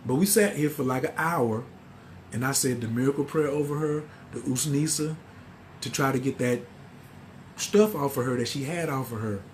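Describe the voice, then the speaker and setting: A man, telling a story in a casual, animated way and acting out the quoted voices. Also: medium pitch, normal speed, slight background noise. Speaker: spiritual teacher.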